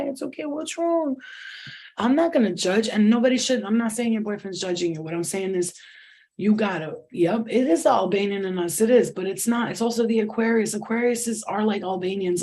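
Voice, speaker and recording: A tarot reader, middle-aged, hosts a live spiritual reading in a mid-range voice that's a little mellow. Expect casual talk, swearing, restarted sentences and plenty of laughing.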